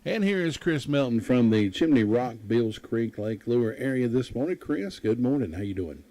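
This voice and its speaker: A man's voice: mid-range voice, very animated, moderate pace, warm tone. A middle-aged man hosting a local morning radio show, chatty and joking. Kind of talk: casual radio chat. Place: radio studio.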